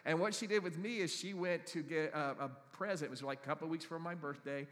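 Middle-aged man, pastor, sermon; animated, jokey storytelling, pitched a little high, long church reverb. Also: fast. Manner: animated, humorous storytelling with asides to the congregation.

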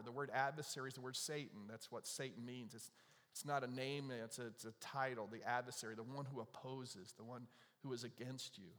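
A man gives a sermon in a relaxed, conversational way, spinning stories and tossing in asides to his congregation. His voice sits at an ordinary middle pitch. The sound carries a long reverb from a large church sanctuary. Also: moderate pace. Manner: conversational, lively storytelling with asides and laughs. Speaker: pastor.

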